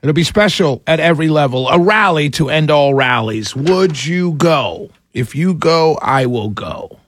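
A talk radio host fields calls in a bright, animated way. His voice sits a bit high for a man and comes across dry and close to the mic. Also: measured pace, no echo. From Jamaican family roots. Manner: lively, apologetic and chatty with callers.

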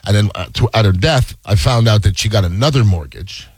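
Husky-voiced man in casual chat. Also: lowish voice, darkish tone, no echo. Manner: quick wisecracking interjections.

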